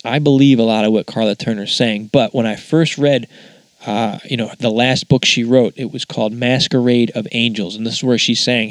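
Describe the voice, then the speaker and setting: A man's voice: medium pitch, fairly even intonation, normal speed, no echo. A man hosting a casual spoken monologue, musing in a conversational way that wanders off track now and then. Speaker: podcast host.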